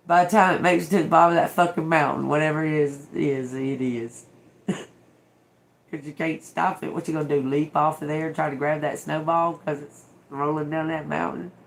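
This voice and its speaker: Woman doing a tarot reading, raspy fry in her voice, cussing and laughing, keeps repeating stuff to hammer it in. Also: low voice, steady tone, moderate pace, a little hiss or hum. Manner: emphatic, profane, laughing often, repeats herself. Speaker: tarot reader. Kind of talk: casual tarot reading monologue.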